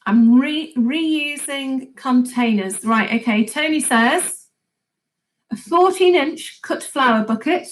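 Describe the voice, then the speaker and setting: A woman's voice: sits high, takes it slowly, rough recording. A woman hosting a gardening live chat, chatting casually and laughing often as she reads viewer comments aloud.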